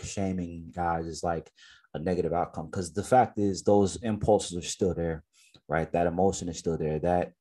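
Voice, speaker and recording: A man's voice: sits low, dark tone, husky. A man co-hosting a podcast in casual chat, reflective, full of fillers and restarts. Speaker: podcast co-host.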